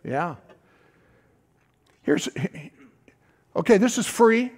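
A middle-aged man preaching a sermon in a folksy, animated way, tossing out asides to the congregation. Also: extremely high pitch, very slow. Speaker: pastor.

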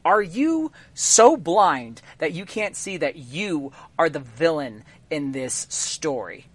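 A cold, mocking villainess from a tabletop game, voiced by a man. She talks down with unhurried contempt. The voice sits rather high and moves slowly. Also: sing-song, exaggerated voice. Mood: scornful. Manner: contemptuous, slow lecturing.

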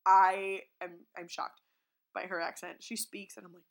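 A woman co-hosting a podcast in casual chat, animated and talkative, acting out quotes in silly voices. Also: mid-range voice, moderate pace. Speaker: podcast co-host.

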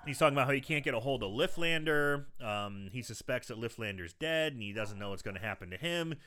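A man's voice: medium pitch, lively intonation, pushed and bright. A man casually recapping a movie scene by scene on a podcast, rambling, swearing and laughing easily. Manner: rambling, profane, quick to laugh. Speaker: podcast host.

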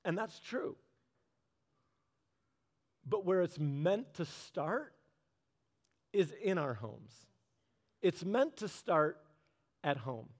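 A man preaching a sermon in a conversational way, asking the audience questions and slowing down low on key phrases. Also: big pitch swings.

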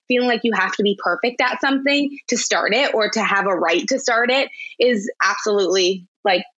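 A woman's voice: mid-range voice, a little fast, a bit bright, husky, dull audio. Woman blogger rambling casually on a podcast, lots of likes and ums. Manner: chatty, many fillers and restarts. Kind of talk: casual interview chat.

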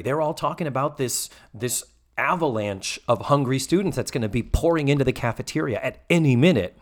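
A man casually recapping a sitcom episode as a podcast co-host, animated and swearing freely as he acts out the lines. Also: medium pitch, brisk.

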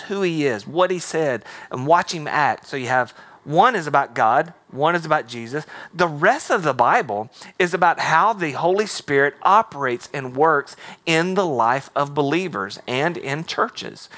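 A man's voice: on the high side, fairly bright tone. A man preaching a sermon as pastor, mixing humor and acted-out quotes into his teaching. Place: church auditorium.

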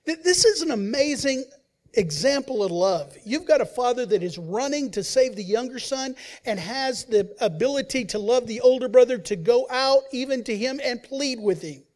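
A man preaching as a pastor, who swings between loud emphasis and quiet, hushed asides and acts out the voices he quotes. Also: extremely high pitch, expressive, moderate pace. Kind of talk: sermon.

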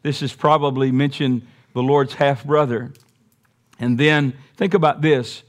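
A man's voice: medium pitch, fairly even intonation, measured pace. A man preaching a sermon in an emphatic, folksy way with joking asides.

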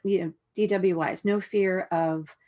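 A woman guest telling a personal story in a frank, halting way, with many restarts and asides. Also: lowish voice, steady tone, darkish tone.

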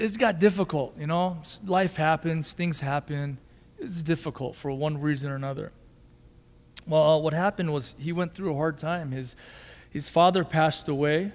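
High-voiced pastor preaching in a hall. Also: male voice. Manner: emotive preaching, swinging from loud intensity to quiet softness. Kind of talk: sermon.

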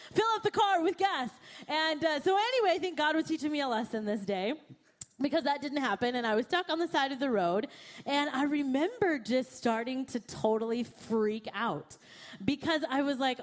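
Speaking at an ordinary pace in a voice that sits high, this young female pastor shares a personal story from the pulpit. She's animated, voicing her own panicked thoughts as quotes.

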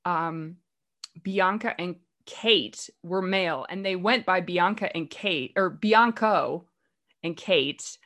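A woman's voice: on the low side, slow, a bit bright. A woman hosting a play-reading group, chatty and rambling with lots of fillers. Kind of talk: casual talk.

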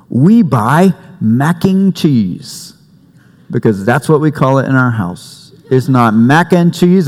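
A man preaching a sermon as pastor, conversational and warm-humored, with family stories. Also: medium pitch. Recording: long reverb in a church hall.

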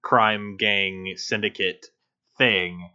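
A man's voice: lowish voice, steady tone, very slow, bright, forceful tone, lo-fi sound. A man co-hosting a casual game review podcast, rambling and restarting his sentences, swearing offhandedly. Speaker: podcast co-host.

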